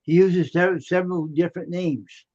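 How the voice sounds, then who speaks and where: A man's voice: high voice, fairly even intonation, normal speed, mellow, no echo. A man hosting a livestream, joking around and telling blunt stories in casual chat. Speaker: livestream host. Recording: dull dry lo-fi stream audio.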